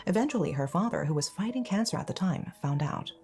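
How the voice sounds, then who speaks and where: A woman reading a scripted true-crime narration in an even, measured way. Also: fairly low pitch, faint music behind. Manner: even, measured storytelling read.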